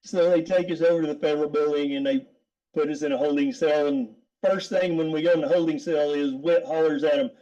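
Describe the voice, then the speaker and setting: A man's voice: on the high side, fairly even intonation, brisk, warm tone, lo-fi sound. A middle-aged man, a guest, telling a story casually, rambling with repeated words and frequent laughs.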